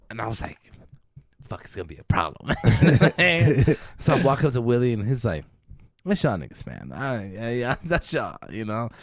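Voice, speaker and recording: A man spinning a loose, profane story on a podcast, his pitch swinging widely as he acts out the people in it. The sound is dry and close, with no room around it. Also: no echo. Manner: loose, profane storytelling with laughs and acted-out quotes. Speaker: podcast co-host. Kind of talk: casual storytelling chat.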